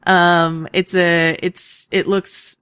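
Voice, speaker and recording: A woman's voice: on the low side, level tone, very slow, a bit bright, clean tone, no echo, clean studio sound. A woman co-hosting a podcast, chatty and enthusiastic, laughing often as she talks. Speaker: podcast co-host. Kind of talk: casual podcast chat.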